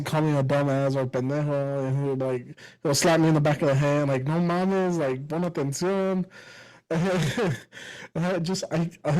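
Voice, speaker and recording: A man hosting a podcast, telling crude, animated stories in casual chat, swearing freely. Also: a little high, rough recording. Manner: crude, animated storytelling with frequent laughs and swearing. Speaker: podcast host.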